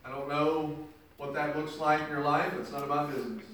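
A man's voice: fairly high pitch, level tone, a little fast, a bit bright. A man preaching a sermon, reading scripture verses and then explaining them in his own words with emphasis. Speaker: pastor. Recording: echoey room picked up from a distance.

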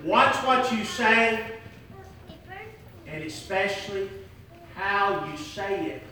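A man's voice: high voice, animated, takes it slowly, sharp tone, faint music behind. A man preaching a sermon in an emphatic way. He repeats key phrases and jokes with the congregation. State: hot and sweating. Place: large church hall. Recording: echoey hall, voice from far off.

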